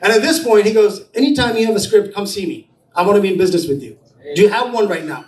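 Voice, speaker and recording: A high-pitched, fast-talking man with lively intonation shares personal stories at an entrepreneurs' event, performing the dialogue in quotes. Recorded in an event room with an audience via a distant mic, the sound is roomy with faint ambience.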